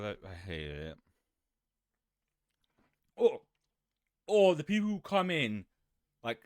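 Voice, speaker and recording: A man's voice: a little high, dry recording. Guy streaming, rambly, swears a lot, voice jumps around, super dry sound. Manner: rambling, swears, gets animated when ranting. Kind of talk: casual live-stream chat.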